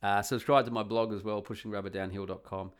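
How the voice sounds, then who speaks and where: Male podcast host, low smooth voice, casual and rambling. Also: steady tone, quick pace. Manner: rambling, hums and mutters while searching.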